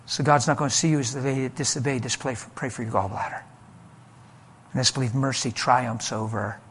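A man preaching a sermon and telling a story from his ministry, animated and emphatic, moving between loud and soft delivery. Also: mid-range voice, normal speed, a little hiss or hum. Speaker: pastor.

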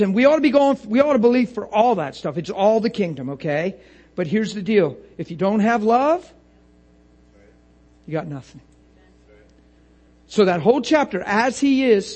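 Guy preaching, high husky voice, keeps laughing and doing little voices. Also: a little mellow. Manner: playful, laughing often, acts out voices. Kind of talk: sermon.

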